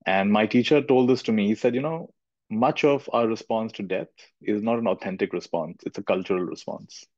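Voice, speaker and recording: On a dull lo-fi recording with no room sound, a middle-aged man from India teaches a thoughtful spiritual lesson. His voice is on the low side and darkish, and he repeats phrases to emphasize them.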